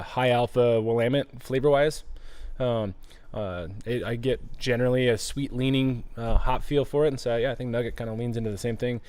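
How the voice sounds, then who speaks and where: A man's voice: medium pitch, a little mellow, smooth, no room sound. Easygoing male co-host, dry sound. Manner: easygoing, knowledgeable, hedging with fillers. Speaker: brewery podcast co-host. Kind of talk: casual chat.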